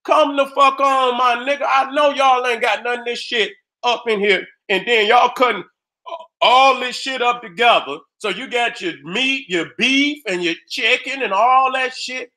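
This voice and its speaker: High, bright-voiced man ranting. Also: a little slow. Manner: heated, streetwise, loud, acts out dialogues. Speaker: video host. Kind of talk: profane ranting commentary.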